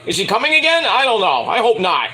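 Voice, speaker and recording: A man's voice: high-pitched, huge pitch swings, fast talker, pushed and bright, breathy edge, poor audio. A man giving a casual, crude and opinionated wrestling review, swearing freely.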